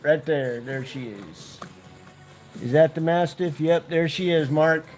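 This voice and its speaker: A man with a fairly high, easygoing voice chats on a casual livestream. He talks in a relaxed, unhurried way to his dogs and to viewers in the chat. Faint music plays softly in the background. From United States. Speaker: vlogger.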